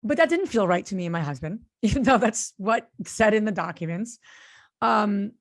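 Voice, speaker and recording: A woman who co-hosts a podcast and invests in real estate tells a story in casual conversation. Her mid-range voice is animated and a little fast, and she's earnest, with lots of fillers and restarts.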